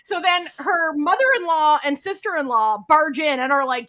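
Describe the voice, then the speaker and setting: With a high-pitched voice at a moderate pace, a woman on a podcast co-hosting gig narrates a drama's plot with lots of "like"s. She swears and performs the characters' lines, keeping the chat casual and animated.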